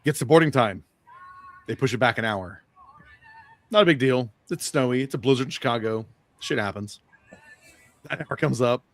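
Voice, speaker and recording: A man's voice: mid-range voice, normal speed, pauses often. A man telling a profane, rambling travel story on a podcast, acting out the people he met. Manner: profane, rambling anecdote with quoted dialogue. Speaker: podcast guest or co-host.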